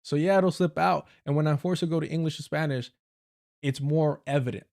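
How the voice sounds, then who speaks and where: This Southern Californian livestream host, from the United States, has a slightly mellow, gravelly voice that sits on the high side and moves briskly. His casual commentary is blunt and heavily profane, full of swearing and laughing asides.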